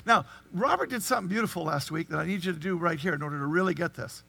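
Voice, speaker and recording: A man preaching a sermon, animated and full of rhetorical questions to the congregation. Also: on the high side, fast, creaky, hardly any pauses. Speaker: pastor.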